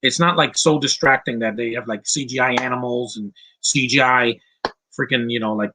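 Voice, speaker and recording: A man's voice: mid-range voice, steady tone, normal speed, sharp tone, low-quality recording. A man in his thirties giving casual live-stream movie commentary, rambling and blunt, swearing freely and often restarting sentences. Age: 30s.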